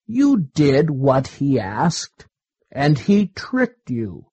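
A man voicing a calm, wise male monkey who acts as judge in a children's storybook reading. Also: on the high side, breathy edge, no echo, full character voice. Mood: urgent.

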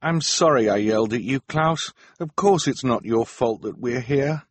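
A man voicing an exasperated teenage girl in an audiobook, speaking high and strained. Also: moderate pace, breathy edge, no echo, lightly acted. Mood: gloomy. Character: exasperated teenage girl, sharp-tongued inventor. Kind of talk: audiobook narration.

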